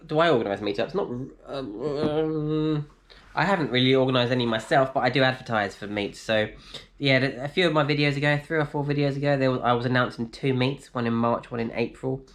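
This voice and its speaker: A man chatting casually on a live stream from his flat, reading out viewers' comments and answering them. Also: medium pitch. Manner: chatty, reads out comments and replies, laughs easily. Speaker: vlogger answering live chat. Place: indoors in a flat.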